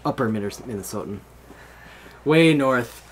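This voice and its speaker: Young american guy rambling on his podcast, lots of laughs, pitch all over the place. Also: animated, unhurried, a little hiss or hum. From United States. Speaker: podcast host. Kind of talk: casual chat.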